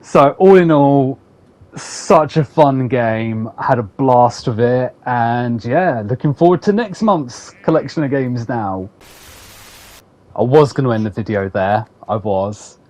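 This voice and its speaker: A man's voice: mid-range voice, animated, takes it slowly, a little mellow. A man hosting a casual game review video with playful, sarcastic commentary. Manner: sarcastic, playful, laughs often. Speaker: gaming video host.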